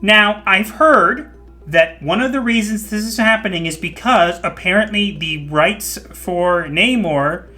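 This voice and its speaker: Bright-voiced, opinionated podcast host. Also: mid-range voice, measured pace, faint music behind. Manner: opinionated, laughs often, jokey put-on voices. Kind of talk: casual chat.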